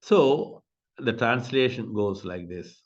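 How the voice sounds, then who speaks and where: A man giving a devotional scripture class, slowly explaining Sanskrit verses and asking rhetorical questions. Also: mid-range voice, highs cut off. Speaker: class speaker.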